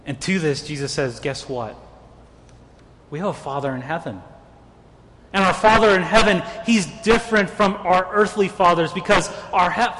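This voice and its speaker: A man's voice: sits high, a bit bright, big-room sound, a little hiss or hum. A man preaching a sermon as a pastor, earnest and stumbling into repeated words as he presses his points.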